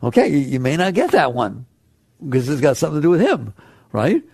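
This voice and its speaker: A man speaks to an audience as a spiritual teacher, his voice sitting a little high with a gravelly edge. He talks in a loose, conversational way, laughing often and throwing rhetorical questions at his listeners. The recording is dry, with no room sound. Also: big pitch swings, brisk, a little mellow, dry recording.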